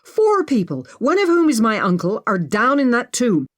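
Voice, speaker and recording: A woman narrator voicing an angry, stubborn young woman who shouts in high, loud bursts. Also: animated, measured pace, close to an everyday voice. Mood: furious. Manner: shouting, indignant.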